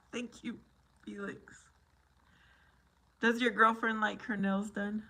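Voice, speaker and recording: A woman's voice: medium pitch, steady tone, takes it slowly, pushed and bright. A woman hosting a casual live chat, talking to her viewers by name, playful and laughing often. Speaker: livestream host.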